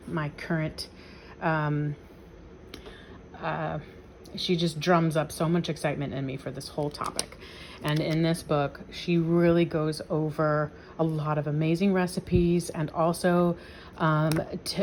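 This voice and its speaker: A young woman talks to camera in a casual show-and-tell vlog, gushing and rambling with plenty of fillers. Her voice sits low for a woman. A faint background hum runs under the recording. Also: a little mellow, low-quality recording. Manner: enthusiastic, rambling, many fillers. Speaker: vlogger.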